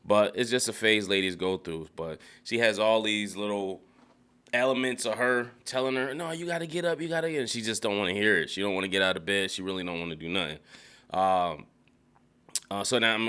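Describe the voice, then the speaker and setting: A man casually recapping a TV episode, animated and profane, laughing often and mimicking characters in a high voice. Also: a little fast, clear, resonant tone. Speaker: TV recap reviewer. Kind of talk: casual spoken show recap. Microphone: studio dynamic mic.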